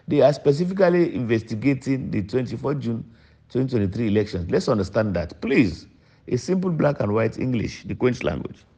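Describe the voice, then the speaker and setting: A man's voice: big pitch swings, brisk, dark tone, husky. An older man from Sierra Leone with a Sierra Leonean accent, a politician giving an emphatic public address that mixes English and Krio. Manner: emphatic, repeats points with sudden pitch jumps. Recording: dull lo-fi recording.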